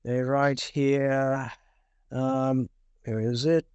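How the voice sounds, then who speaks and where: A man's voice: medium pitch, flat delivery, very slow, a little mellow, smooth, dry recording, highs cut off. A man in casual discussion, rambling with many repeated words and fillers while reading out passages.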